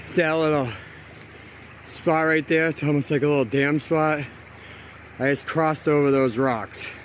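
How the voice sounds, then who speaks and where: A man's voice: a little high, steady tone, measured pace, slight background noise, rough recording. Breathless man filming outdoors by a canal. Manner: amazed, repeats himself, talks to viewers while walking. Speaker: vlogger exploring brick ruins. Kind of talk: casual walking commentary.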